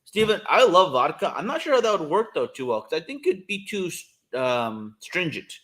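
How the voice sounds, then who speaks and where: Brisk? No: at a moderate pace, this co-host talks in a high, very animated voice with a fairly bright tone. The Californian rambles enthusiastically through the casual podcast chat, dropping in plenty of fillers.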